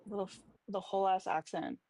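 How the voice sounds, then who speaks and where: A woman's voice: mid-range voice, big pitch swings, quick pace, creaky, dark tone, slight background noise. A woman chatting casually on a livestream, talking about hair tools and commissions. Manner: casual, chatty, product talk.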